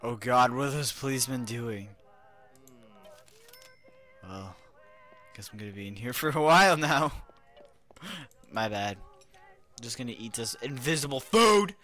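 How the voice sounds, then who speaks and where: A young man giving goofy, playful commentary over a video game, chatting to the characters and swinging between loud outbursts and hushed whispers. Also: mid-range voice, animated, a little slow, pauses often. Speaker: gaming commentator.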